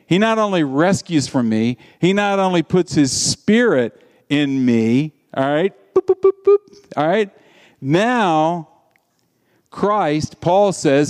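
A man preaching a sermon in an animated, conversational storytelling way. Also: fairly high pitch.

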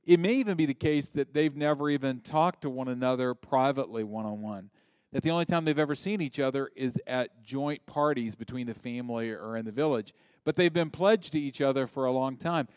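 A man preaching a sermon in a conversational, joking way, breaking into loud emphatic bursts. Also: medium pitch, fairly quick, clear, resonant tone, dry recording. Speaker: pastor.

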